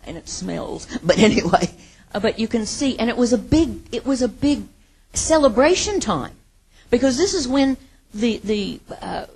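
Gravelly, husky woman telling a Bible story. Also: fairly high pitch, moderate pace. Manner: animated retelling with acted quotes and laughs. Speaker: Bible teacher. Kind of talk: casual sermon storytelling.

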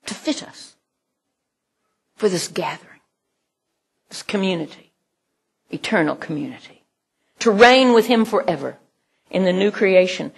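A woman preaching a sermon in an earnest way, often dropping almost to a whisper and laughing now and then. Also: medium pitch.

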